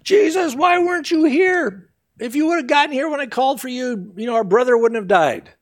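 A male preacher voicing a frantic, flustered biblical woman in a high, rushed, pleading voice. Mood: exasperated.

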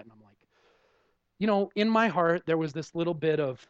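A man's voice: on the high side, expressive, a little fast, smooth, no echo. A man preaching a conversational sermon, telling candid, self-deprecating stories from daily life and peppering them with "you know". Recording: dull lo-fi dry recording.

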